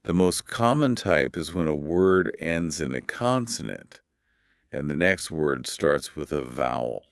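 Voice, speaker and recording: A man's voice: a bass voice, expressive, unhurried, creaky, clean tone, no room sound, clean studio sound. A man co-hosting a podcast English lesson, explaining patiently with emphatic stress. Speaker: English teacher, podcast co-host. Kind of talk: scripted podcast lesson dialogue.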